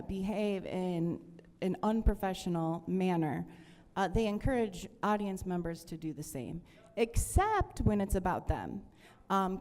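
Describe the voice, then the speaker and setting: A woman's voice: medium pitch, darkish tone, big-room sound. A woman council member making a frustrated speech at a meeting, with many fillers. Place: council chamber.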